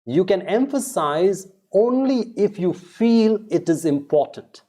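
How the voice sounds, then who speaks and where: Slow, lively-voiced male English teacher. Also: high voice. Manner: slow, drawn-out, repeating words for practice. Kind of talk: pronunciation lesson.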